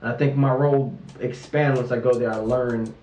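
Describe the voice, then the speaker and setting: A man's voice: mid-range voice, steady tone, moderate pace, a little mellow. Passionate young man in a roomy space. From Raleigh, North Carolina. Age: 20s. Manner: passionate, emphatic, frustrated. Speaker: interviewee, student activist. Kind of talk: candid personal interview.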